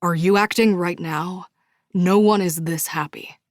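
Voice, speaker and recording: A woman voicing a gruff, arrogant young man who speaks curtly and scornfully, in an audiobook. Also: fairly low pitch, steady tone, measured pace, no room sound, studio quality, lightly acted. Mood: disdainful. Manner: curt and scornful. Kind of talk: audiobook character voice.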